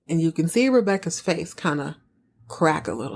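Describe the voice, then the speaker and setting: A woman's voice: low-pitched, moderate pace, gravelly. Chatty woman recapping a show. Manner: chatty, animated retelling with acted quotes and asides. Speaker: podcast host recapping a TV drama. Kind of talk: casual chat recap.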